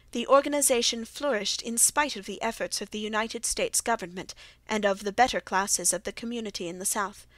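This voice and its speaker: Woman reading a classic detective audiobook, steady even delivery, dry close sound. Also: a little high, no room sound. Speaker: audiobook narrator. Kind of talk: scripted narration.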